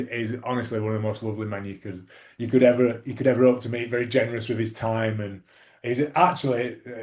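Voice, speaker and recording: Low-voiced man telling stories. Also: a little mellow. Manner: rambling anecdotes with many fillers and restarts. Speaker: guest, former rugby league player. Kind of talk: casual interview storytelling.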